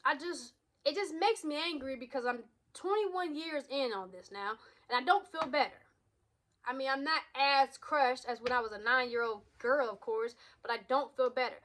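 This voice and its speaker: Woman in her 30s vlogging, raw and blunt, keeps restarting, fairly high voice. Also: fairly bright tone. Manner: raw, emotional, blunt with swearing and many restarts. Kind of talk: candid personal vlog.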